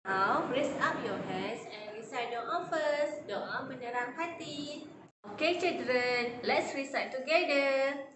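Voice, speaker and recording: A Malaysian woman teaching a virtual kindergarten class, speaking slowly in simple, sing-song prompts to young children. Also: sits high, heavy background noise. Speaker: preschool teacher. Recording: echoey room, mic far off.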